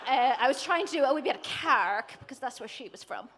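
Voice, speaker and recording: A woman's voice: high-pitched, expressive, quick pace, a bit bright, breathy edge. A woman stage actor being interviewed at an awards night, hesitant and self-deprecating. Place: event hall on stage.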